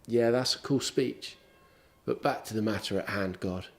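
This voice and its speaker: A man preaching who voices Moses as a doubtful man pleading his way out of the task, quick when he protests. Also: on the low side, natural voice. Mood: reluctant. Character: reluctant Moses, grown man full of excuses. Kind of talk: sermon storytelling.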